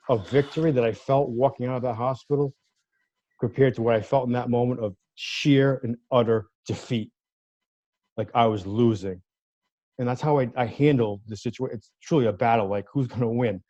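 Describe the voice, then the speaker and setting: A man's voice: mid-range voice, moderate pace, dark tone, no room sound. Male guest, lawyer, vivid storyteller who acts out quoted voices; dry, somewhat dull recording. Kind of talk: personal story in an interview. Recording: dry, slightly dull sound.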